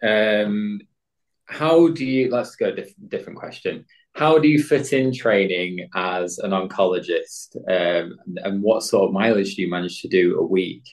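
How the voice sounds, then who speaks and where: A man's voice: low-pitched, unhurried. A man hosting a podcast, asking questions hesitantly and restarting them. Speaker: podcast host. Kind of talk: interview questions.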